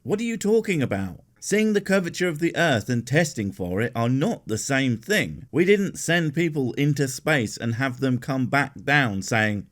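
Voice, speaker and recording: Sarcastic male commentary host, animated and profane, swinging pitch a lot. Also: normal speed, hardly any pauses.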